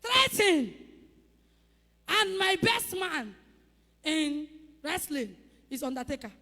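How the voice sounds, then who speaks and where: A woman's voice: sits high, very animated, slow, pushed and bright, in a large hall. A woman pastor preaching a sermon with emphatic calls, rhetorical questions to the congregation and acted-out sound effects.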